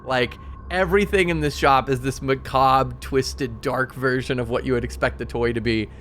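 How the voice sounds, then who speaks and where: A man's voice: mid-range voice, fairly even intonation, normal speed, a bit bright, a little hiss or hum. A man narrating as game master on a stream, casual and rambling with fillers. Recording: music playing behind.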